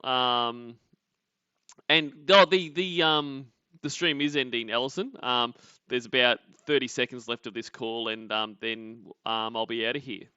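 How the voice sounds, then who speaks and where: A mocking man with a New Zealand accent hosts a stream, laughing often and greeting viewers between jabs at a played call. His voice is bright and forceful. The audio is dry and a little dull, like a lo-fi home stream. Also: medium pitch, steady tone, measured pace, clear, resonant tone, no echo. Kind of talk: casual commentary over a played call.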